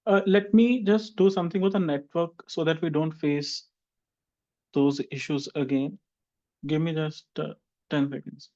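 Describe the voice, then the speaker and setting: A man's voice: on the high side, fairly even intonation, measured pace, darkish tone, muffled recording. A man teaching an online English exam class and giving chatty, teasing feedback to students. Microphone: video call.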